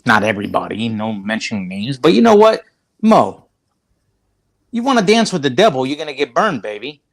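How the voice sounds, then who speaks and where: A man's voice: mid-range voice, sing-song, normal speed, gravelly. A man co-hosting a livestream who rants and swears, combative and heated. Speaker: livestream co-host.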